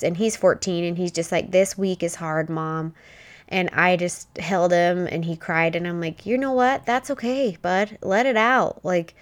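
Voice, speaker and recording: A middle-aged mother talks straight to her viewers, rambling and heartfelt as she shares a family story. Her voice sits at an ordinary middle pitch for a woman, and her telling is casual and deeply emotional. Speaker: widowed mother vlogging.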